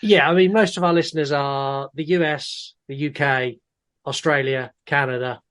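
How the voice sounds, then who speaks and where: A man's voice: on the high side, normal speed, a bit bright. A man co-hosting a casual movie podcast, joking and rambling a bit. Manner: jokey, rambling, self-deprecating. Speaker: podcast co-host.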